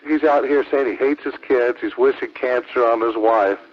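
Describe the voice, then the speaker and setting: A man's voice: medium pitch, normal speed, noisy background. A man arguing on air as a ham radio operator, taunting and profane, repeating his accusations over and over. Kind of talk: heated on-air argument. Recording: lo-fi radio transmission.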